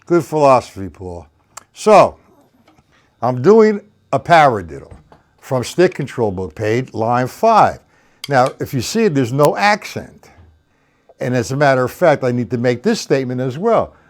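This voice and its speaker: A man's voice: mid-range voice, very animated, a little slow. A man giving a live-streamed drum lesson, counting beats aloud and talking to viewers by name. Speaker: drum teacher.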